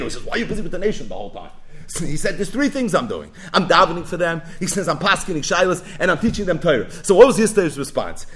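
A man teaching a Torah class, animated and full of Yiddish and Hebrew terms. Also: on the high side.

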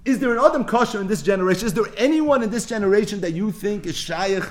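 A male Torah teacher with a high, very lively voice that swings widely up and down. He tells the story animatedly, mixing Hebrew phrases into his English as he teaches. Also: quick pace. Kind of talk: animated religious class.

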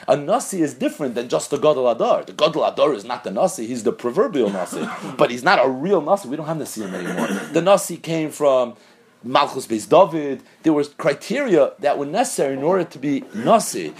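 A man gives a quick Talmudic lecture, asking questions and answering them himself. His voice sits a little high and has a husky edge. He stays animated throughout. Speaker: Torah lecturer.

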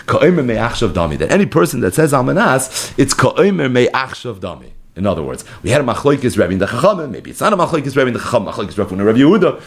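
Man, talmud lecture, mixes in aramaic and hebrew terms, lively rising and falling pitch. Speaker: Talmud teacher. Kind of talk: daf yomi Talmud lecture.

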